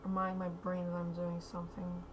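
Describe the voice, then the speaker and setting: Quiet rambling woman streamer. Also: on the low side, monotone, normal speed, background noise. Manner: quiet, rambling, says okay a lot. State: slightly sore throat. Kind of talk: casual commentary while drawing.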